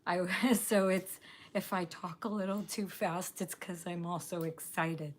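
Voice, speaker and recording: A woman's voice: fairly low pitch, steady tone, unhurried, a little hiss or hum. A woman hosting a casual live stream, bubbly and gushing, laughing often as she chats with viewers. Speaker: livestream host.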